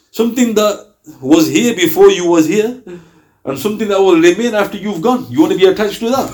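A man preaching to a small gathering in a mosque, telling stories in a conversational, animated way. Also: high voice, brisk. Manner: conversational, animated storytelling with quoted voices.

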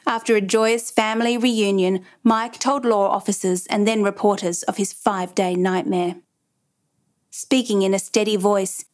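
A woman giving measured, dramatic scripted narration of a true crime story. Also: mid-range voice.

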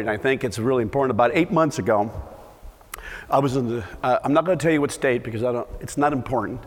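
A middle-aged male conservation agronomist talks fast in a mid-range voice, giving a passionate, emphatic conference talk that tells a story and repeats words for stress. Soft background music plays, and the live conference hall adds long reverb.

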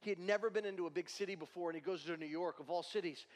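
Male pastor, high-pitched, preaching emphatically in a reverberant church hall. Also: rapid-fire. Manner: emphatic preaching with repeated rhetorical questions. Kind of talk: sermon.

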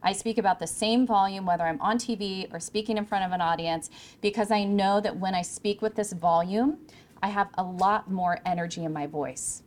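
A woman's voice: mid-range voice, normal speed. A woman from California, a communication coach, giving an emphatic workshop talk to a room of interns. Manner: emphatic, clear presenter with varied pacing. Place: room with a live audience.

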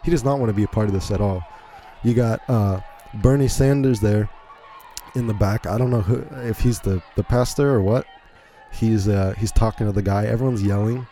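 A man with a low, mellow voice hosts a casual podcast. He gives rambling, incredulous play-by-play of a video, with faint music behind him. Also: normal speed. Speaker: podcast host.

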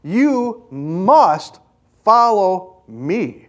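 A man voicing Jesus as a calm, commanding male teacher, delivering firm, slow, emphatic words. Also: high voice, full character voice.

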